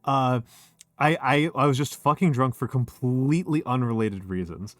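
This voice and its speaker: A middle-aged man hosts a loose, boozy chat on his home stream. He rambles, swears freely and trips over his own sentences. His voice sits at a middle pitch on a dry, close recording with faint music underneath. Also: moderate pace, fairly bright tone, dry recording. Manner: rambling, profane, self-interrupting. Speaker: streamer host. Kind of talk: casual drinking stream chat.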